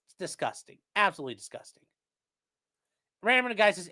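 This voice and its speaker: A man hosting a legal commentary livestream, reading court orders aloud and breaking into profane, shouting tirades. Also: high-pitched, very animated, moderate pace, pauses often. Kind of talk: livestream rant.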